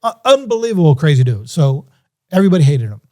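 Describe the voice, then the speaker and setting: Male podcast guest, warm and relaxed tone, slightly high pitch, animated storyteller. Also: quick pace. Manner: animated, acts out quoted voices. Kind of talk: casual storytelling.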